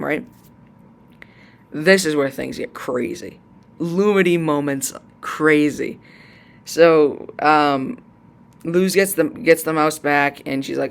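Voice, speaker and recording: Young male YouTuber, eager and rambling, slightly high, clean smooth voice, a bit worn out. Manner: excitable, rambling, many fillers. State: voice strained after long recording. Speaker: YouTuber discussing a cartoon series. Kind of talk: casual episode recap.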